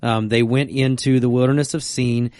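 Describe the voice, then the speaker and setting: A man's voice: mid-range voice, fairly even intonation, moderate pace, darkish tone, no room sound. A man co-hosting a casual faith discussion, telling stories and reading scripture aloud. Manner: reads scripture aloud, acts out voices in quotes. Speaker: podcast co-host.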